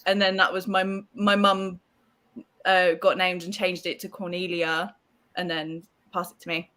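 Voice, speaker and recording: A young woman guesting on a casual chat over a video call, relaxed and giggly. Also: lowish voice, measured pace. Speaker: guest, film reviewer.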